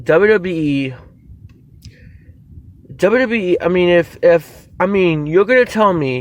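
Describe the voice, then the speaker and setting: A man with a high voice gives an excited, rambling wrestling review, full of restarts and casual swearing. His voice is close and dry, with no room sound around it. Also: moderate pace, no room sound.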